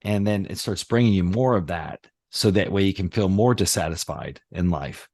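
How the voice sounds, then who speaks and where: A middle-aged man talking casually on a podcast as host, rambling and animated, with many fillers and restarts. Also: low-pitched, normal speed, no room sound. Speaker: podcast host, reality surfing teacher.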